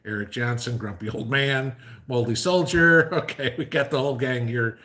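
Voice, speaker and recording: This casual livestream host talks at a moderate pace in a mid-range voice that is bright and forceful. He jokes around, rambles loosely, and uses a lot of fillers.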